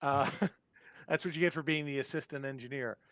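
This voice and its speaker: A man's voice: mid-range voice, steady tone, fairly bright tone, dry recording. A man narrates a tabletop horror game as its game master. He sits right on a dry, close mic and stumbles through his descriptions with frequent ums and restarts. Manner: halting, lots of ums and restarts.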